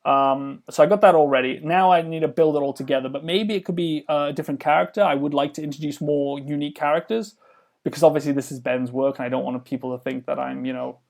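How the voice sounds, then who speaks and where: A man with a fairly high voice chatting in a casual podcast interview. He rambles, trips over restarts and leans on fillers while explaining a game he is building. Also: steady tone, fast talker, gravelly, a little mellow. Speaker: game developer guest.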